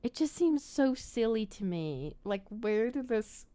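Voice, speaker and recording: A woman's voice: on the high side, sing-song, measured pace, warm tone. A woman hosting a casual movie chat, giggly and rambling as she thinks aloud. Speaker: host.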